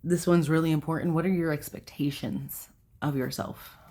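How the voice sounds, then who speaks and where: A woman's voice: low-pitched, fairly even intonation, normal speed, mellow. A young adult woman hosting a self-help video, talking casually to camera in a rambling way, with fillers and self-corrections.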